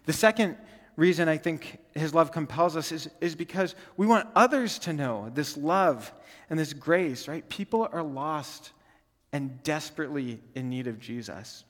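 A young adult man preaching in an earnest, conversational way, his voice sitting a little high for a man. He keeps checking in with his listeners and restarts phrases as he goes. A long reverb from the church hall trails behind his words. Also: animated, a little slow, fairly bright tone. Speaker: guest speaker, campus ministry team leader. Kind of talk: sermon. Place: church sanctuary.

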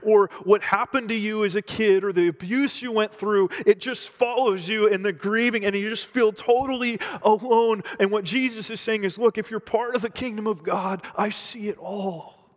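High-voiced preacher in a reverberant hall. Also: male voice, normal speed, hardly any pauses. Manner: swings between loud emphasis and hushed, near-whispered lines. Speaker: pastor. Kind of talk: sermon. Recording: long reverb from a large hall.

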